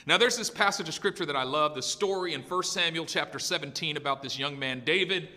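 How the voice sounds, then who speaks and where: A man's voice: on the high side, fairly quick, sharp tone, big-room sound. A male pastor preaching an emphatic, storytelling sermon with lots of repetition in a church.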